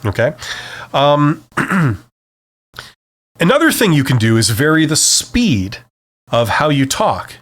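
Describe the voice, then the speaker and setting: A podcast host gives solo advice off the cuff in an animated way, asking "okay?" after most points and altering his volume and speed for demonstration. The man's voice is on the high side, slow, with frequent pauses.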